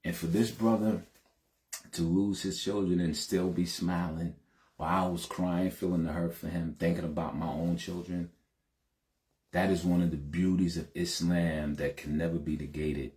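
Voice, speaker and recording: A man's voice: sits low, fairly even intonation, moderate pace, darkish tone. A middle-aged man, a podcast host, telling a personal story in an earnest, emphatic way, often adding "you know" and "man". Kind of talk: heartfelt personal monologue.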